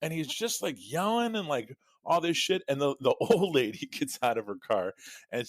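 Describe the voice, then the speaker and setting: A man's voice: mid-range voice, animated, a little fast, no room sound. A man co-hosting a podcast, telling a rambling, profane story in casual chat with frequent laughs. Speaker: podcast co-host.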